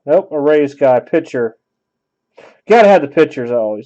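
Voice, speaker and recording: A man with a slightly higher, mellow voice talks casually as he opens packs. He thinks aloud in loose, offhand running commentary. The sound is dull and lo-fi. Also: lively intonation, moderate pace. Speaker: card break host. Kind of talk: casual card-opening commentary.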